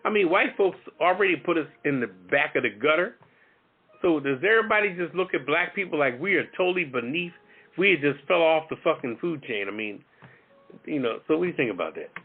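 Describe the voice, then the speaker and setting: A man co-hosting a talk show, telling a story in an animated, emphatic way and swearing freely. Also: a little high, fairly quick, husky. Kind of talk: casual storytelling chat. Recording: phone-like lo-fi audio with faint music.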